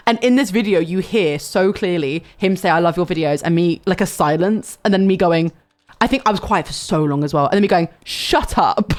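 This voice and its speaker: A young woman, telling a story to her stream in a loud, animated way, with swearing and sudden shouts. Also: on the low side, a little fast. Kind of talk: casual storytelling chat.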